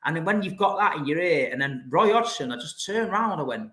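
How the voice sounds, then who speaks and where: A male guest tells anecdotes in an easy, chatty way, with a slightly raised pitch. His voice comes through a roomy, echoing space. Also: expressive, brisk, fairly bright tone. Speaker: podcast guest. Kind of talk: casual chat. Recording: roomy echo.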